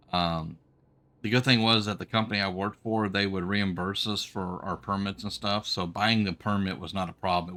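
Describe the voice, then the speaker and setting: A man's voice: low-pitched, pushed and bright. Folksy man rambling while gaming. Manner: rambling, folksy, many ums and restarts. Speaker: trucking game streamer and former truck driver. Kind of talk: casual storytelling while gaming.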